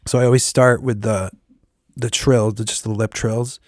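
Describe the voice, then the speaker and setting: A man's voice: fairly low pitch, steady tone, normal speed, no echo, studio quality. Tired-voiced man musing on his craft. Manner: rambling, self-correcting, talks through vocal warm-ups. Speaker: podcast host and working musician. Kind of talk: casual solo reflection.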